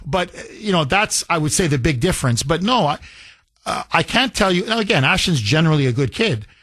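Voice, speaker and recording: A man's voice: on the high side, very animated, brisk, a bit bright, dry recording, studio quality. A middle-aged man hosting a talk radio show, telling a personal story in casual chat and acting out the voices he quotes, with frequent restarts.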